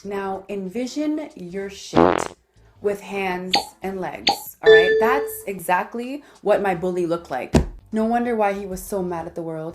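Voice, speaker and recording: A woman telling a personal story in a casual, comedic, animated way, talking straight to viewers. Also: medium pitch, a little slow, music in the background.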